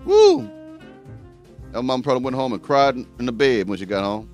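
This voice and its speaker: Male host doing reaction commentary, blunt and preachy, mid-pitched voice. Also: fast, faint music behind.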